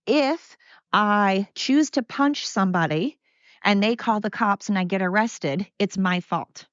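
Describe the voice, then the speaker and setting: A woman's voice: medium pitch, unhurried, no room sound, dull audio. An older woman hosting a solo podcast from home, ranting bluntly and sarcastically with plenty of profanity. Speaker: podcast host.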